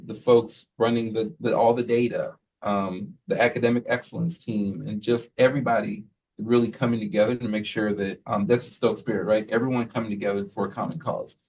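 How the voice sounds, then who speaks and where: A man who leads a school, giving a relaxed, rambling report to the board, full of fillers and quoted asides. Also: on the low side, far from the mic, poor audio. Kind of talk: casual spoken report at a meeting.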